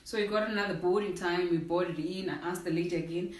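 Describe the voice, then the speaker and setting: Animated young woman telling a story. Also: lowish voice, a little fast, distant mic. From Zimbabwe. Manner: animated storytelling, acting out quoted voices, addresses viewers as "guys". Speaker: vlogger. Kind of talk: casual storytime. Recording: roomy echo.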